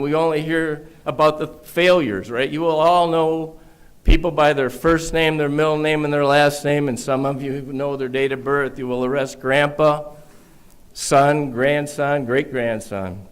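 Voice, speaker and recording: A man's voice: fairly high pitch, normal speed, clear, resonant tone. A man giving a ceremonial graduation address to a police academy class in a large room, speaking at a podium mic with earnest storytelling, emphatic repetition and wry asides. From Michigan, United States. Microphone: podium microphone.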